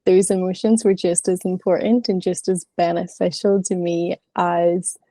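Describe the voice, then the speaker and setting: A woman's voice: fairly low pitch, flat delivery, normal speed, dark tone, dry recording. A woman in her thirties sharing openly and chattily in an online class, with plenty of filler words. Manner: frank, chatty, many fillers. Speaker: class participant.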